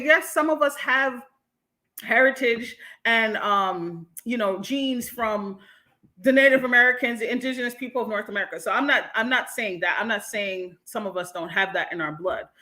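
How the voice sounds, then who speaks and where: A livestream host, a woman with a high, bright voice, answers her chat as she goes, holding forth bluntly and heatedly. She swears freely, and her tone is sharp and forceful.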